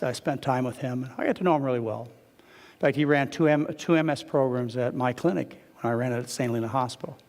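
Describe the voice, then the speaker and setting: A man giving a live lecture as a physician, telling stories with animated quotes and asides to the audience. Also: a little high, gravelly. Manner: animated storytelling, quotes others with raised voice. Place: lecture hall. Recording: long reverb of a lecture hall.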